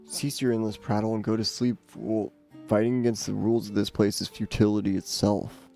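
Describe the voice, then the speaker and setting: A man's voice: on the low side, level tone, brisk, vocal fry, warm tone, soft background music. A man voicing a haughty, scornful talking magic book who speaks in a formal, insulting way. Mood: irritated.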